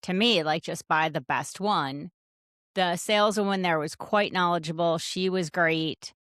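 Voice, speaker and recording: A woman's voice: lowish voice, unhurried, fairly bright tone, no echo, studio quality. A woman podcast host telling a casual, wry, self-deprecating story in a chatty monologue.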